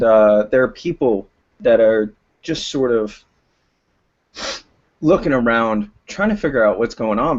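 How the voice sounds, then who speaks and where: Guy game-mastering a tabletop rpg, lots of uhs, dull muffled recording. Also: mid-range voice. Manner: slow, hesitant narration with many fillers. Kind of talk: narrating a tabletop role-playing game.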